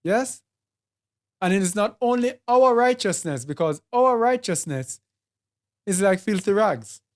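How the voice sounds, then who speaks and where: In a medium-pitched voice, a Jamaican-accented Bible teacher delivers a sermon. His pace is measured, and he uses repetition and word lists to drive home emphasis.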